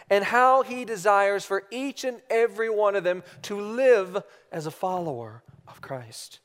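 A man in his thirties preaching a sermon, earnest and imploring, dropping almost to a whisper on key words. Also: high voice. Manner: earnest, imploring, drops to near-whispers for emphasis. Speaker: pastor. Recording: reverberant hall.

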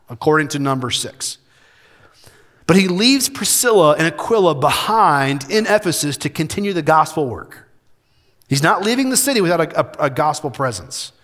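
Emphatic preacher in a reverberant hall. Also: male voice, fairly high pitch. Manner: emphatic, swings between loud preaching and soft intimate delivery. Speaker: pastor. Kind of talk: sermon.

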